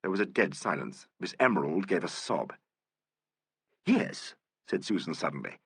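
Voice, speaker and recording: A man narrating a classic mystery novel in a measured storytelling manner. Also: sits low, animated, a bit bright, husky, dry recording, clean studio sound. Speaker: audiobook narrator. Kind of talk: scripted narration.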